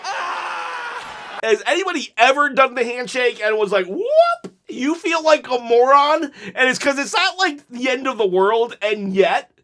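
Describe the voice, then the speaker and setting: High-voiced man reacting with laughter. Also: normal speed, hardly any pauses, slight background noise. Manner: animated, laughs often, mimics lines. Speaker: channel host reacting to clips. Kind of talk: casual reaction commentary.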